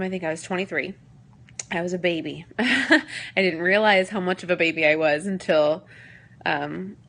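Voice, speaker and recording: Woman, late 20s, lowish voice, emotional and halting, confessional vlog. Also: gravelly, fairly bright tone. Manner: emotional, on the verge of tears, rambling with many fillers. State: teary. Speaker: vlogger.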